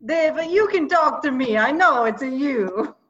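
A woman's voice: sits high, lively intonation, measured pace, a bit bright, muffled recording. A woman playing a dopey, earnest Luigi with a put-on Italian accent in an improvised comedy podcast. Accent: put-on thick Italian. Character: cheerful, dopey Luigi, grown man.

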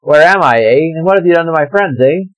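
A man voicing a frightened but defiant young heroine in a comedic dramatic reading of fan fiction, loudly tagging lines with a jokey "eh". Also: mid-range voice, brisk, no echo, lightly acted, rough recording. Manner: jokey stock-Canadian "eh" tags, loud.

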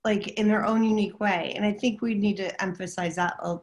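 A woman co-hosting a podcast as a psychic medium, talking casually and pausing often to gather her thoughts. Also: mid-range voice, steady tone. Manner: halting, pausing to listen inward. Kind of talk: casual chat.

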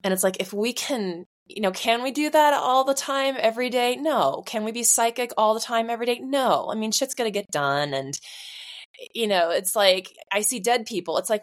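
A woman's voice: fairly high pitch, expressive, moderate pace. A woman in her forties co-hosting a podcast, talking in a rambling, reflective way with many fillers. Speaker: podcast co-host. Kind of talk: casual conversation.

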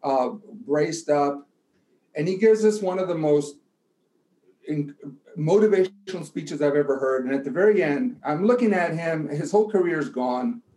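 A man gives a coach-style pep talk, his slightly high voice climbing into shouts. He mixes rallying lines with a long story from his playing days. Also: lively intonation, normal speed. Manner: builds to shouting, then tells a story quietly. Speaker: guest giving a pep talk. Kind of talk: motivational speech and storytelling.

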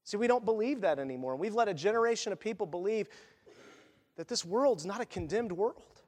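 A man with a high voice preaches a sermon, talking to the congregation like a friend and acting out quotes along the way. His words ring out with a long reverb, as in a large church sanctuary. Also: lively intonation, a little fast, darkish tone. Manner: conversational preaching with asides and acted quotes. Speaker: pastor.

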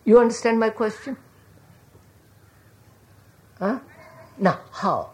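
A woman's voice: a little high, slow pace, a little mellow. A woman giving a reflective public talk, asking questions and often checking whether listeners follow, calling them sir. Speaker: public speaker.

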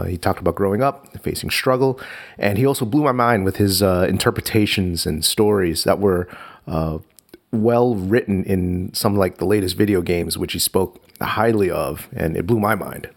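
A man hosting a podcast, introducing a guest and chatting casually with excitable reactions. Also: fairly low pitch. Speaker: podcast host. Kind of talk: casual chat.

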